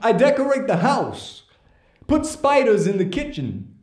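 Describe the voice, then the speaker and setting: A man performs a theatrical impression voice that declaims comic verse in stop-start, oddly stressed phrases. The delivery is slow and pitched high. A roomy echo hangs around the words. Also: huge pitch swings, a little mellow, full character voice. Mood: dramatic. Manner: dramatic, halting odd-rhythm recitation. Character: theatrical man doing a famous actor's voice. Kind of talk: comic poetry reading.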